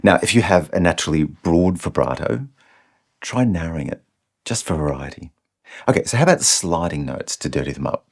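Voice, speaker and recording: A man teaching singing technique in an instructional video, explaining each idea clearly. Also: sits low, animated, fairly quick. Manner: explains clearly, breaks off to sing short demonstrations.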